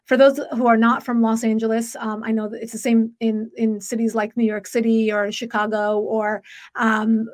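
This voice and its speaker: A woman hosting an interview, asking questions and commenting in a steady, sympathetic way. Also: fairly high pitch, normal speed. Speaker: interview host.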